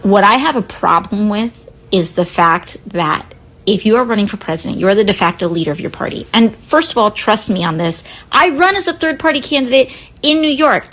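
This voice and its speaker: A woman's voice: medium pitch, fairly quick, fairly bright tone. A woman politician speaking in a direct, conversational way in a casual social media video.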